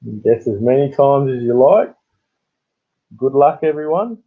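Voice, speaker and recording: A man with a broad Australian accent chats away to his live-stream viewers, full of joking, matey banter. His voice sits at an ordinary pitch for a man. It comes through thin and tinny, like a phone line. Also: lively intonation, normal speed, breathy edge. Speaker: coin hunting channel host.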